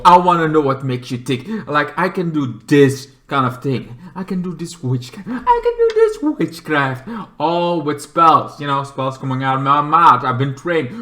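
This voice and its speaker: Man, show reviewer, rambling casual talk, bright tone, sudden loud outbursts. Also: on the high side. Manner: rambling, heavy filler, animated outbursts.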